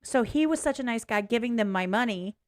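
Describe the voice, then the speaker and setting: Female vlogger, higher voice, blunt and rambling, casual reaction commentary. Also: expressive, a little fast. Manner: blunt, frank, swears freely; rambling, self-interrupting. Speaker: reaction video host.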